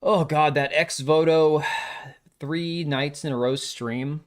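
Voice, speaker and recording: With a slightly high, steady voice, a middle-aged man takes his time as he hosts his own livestream from home. Tired and sore, he chats loosely, jokes, chuckles and swears casually.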